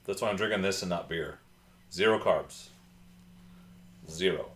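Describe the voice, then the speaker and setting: A man's voice: sits low, unhurried, echoey room, a little hiss or hum. A man hosting a casual livestream, chatting and answering viewer comments from his home computer. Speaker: livestream host.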